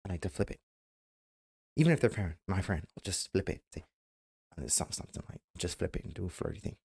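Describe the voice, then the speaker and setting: A man's voice: deep voice, expressive, fast talker, gravelly, a little mellow, husky. A man streamer giving casual, emphatic advice, repeating himself and acting out quoted remarks. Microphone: webcam mic.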